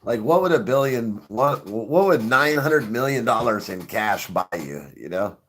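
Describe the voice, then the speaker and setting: A man's voice: medium pitch, animated, unhurried, fairly bright tone. A middle-aged man hosting a show, chatting casually, swearing freely and laughing often as he rambles. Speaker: show host. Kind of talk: casual joking chat.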